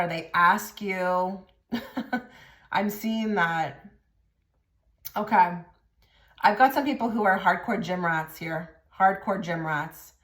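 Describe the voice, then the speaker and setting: Woman, tarot reader, direct and blunt, filler-heavy talk, middle pitch, echoey room. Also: unhurried. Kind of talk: casual pick-a-card reading to camera.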